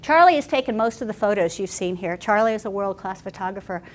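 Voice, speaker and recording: A woman pastor telling stories in a workshop talk, animated and chatty with frequent restarts. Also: mid-range voice, quick pace, slight background noise.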